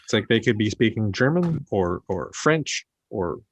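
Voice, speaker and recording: A man's voice: lowish voice, sing-song, moderate pace, husky. A man co-hosting a casual podcast, speaking bluntly and matter-of-factly. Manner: blunt, emphatic, matter-of-fact. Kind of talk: casual chat.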